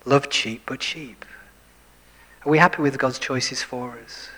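A preacher delivers his sermon in a husky, slightly breathy voice that carries a long reverb off the hall. He sinks into whispers at key points and turns often to the congregation with questions and wry remarks about himself. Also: mid-range voice, unhurried. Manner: shifts between full voice and hushed whispers for emphasis; self-deprecating, asks the listeners questions.

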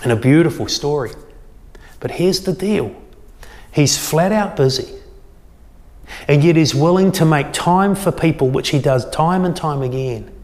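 A man preaching a sermon, retelling a scripture story with lively acted-out quotes. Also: fairly high pitch, measured pace, pauses often, big-room sound. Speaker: pastor.

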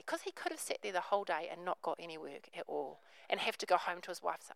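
A woman's voice: on the low side, lively intonation, fast talker, gravelly, few pauses, a bit bright, no room sound, poor audio. A woman, preaching a sermon, telling a story and acting out the characters' voices.

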